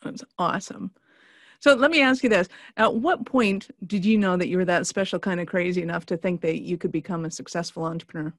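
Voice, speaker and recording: Interview host, casual chat, brief interjections, gravelly voice, dry sound. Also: medium pitch, a little fast, a bit bright, no room sound.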